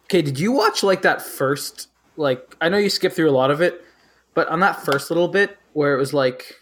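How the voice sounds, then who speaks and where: A young man with a slightly higher voice co-hosts a casual podcast chat. He jokes around and uses slang. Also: lively intonation, moderate pace, fairly bright tone. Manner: joking, slangy, mocking impressions. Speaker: podcast co-host.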